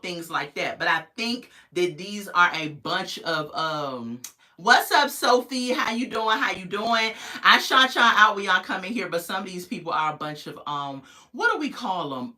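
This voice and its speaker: A young adult woman hosts a casual live review stream, chatting with viewers as they drop in and laughing easily. Her voice is bright and sharp, and her pitch jumps around with animated energy. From United States. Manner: chatty, greets viewers in the chat, laughs often. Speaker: host of a live reality-show review stream. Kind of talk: casual livestream commentary.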